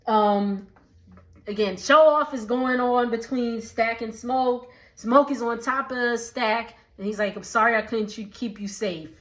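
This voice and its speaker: Slow, chatty woman recapping a film. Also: a little high, a bit bright, rough recording. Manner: chatty, many fillers, acts out lines. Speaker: vlogger.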